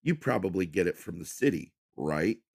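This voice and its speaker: A man's voice: deep voice, very animated, normal speed, exaggerated voice. A man voicing a rude, abusive, short-tempered young man who snaps and swears. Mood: contemptuous. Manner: snapping, shouting, swearing.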